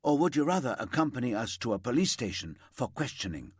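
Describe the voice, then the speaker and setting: A man's voice: mid-range voice, sing-song, quick pace, breathy edge, no echo, clean studio sound. A man doing a blunt, tech-savvy young policewoman. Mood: curt.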